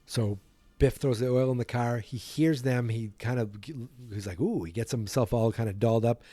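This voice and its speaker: A man hosts a podcast and casually retells a film from memory, rambling, correcting himself and yawning. His voice has a mellow, dark tone, recorded close and dry. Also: mid-range voice, steady tone, moderate pace, dry recording, faint music behind. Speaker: podcast host.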